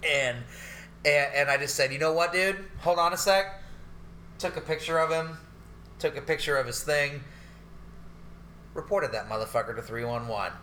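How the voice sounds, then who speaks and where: A man co-hosting a podcast, telling stories in a loose, profane, animated way. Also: on the high side, normal speed, long pauses, slight background noise. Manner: profane, animated ranting storyteller. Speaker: podcast co-host. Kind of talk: casual chat. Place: New York.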